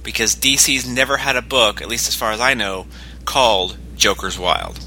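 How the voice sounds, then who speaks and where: Podcast cohost guy, super bright voice, faint hiss behind, explaining stuff. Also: lowish voice, normal speed. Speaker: podcast co-host. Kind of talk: casual chat.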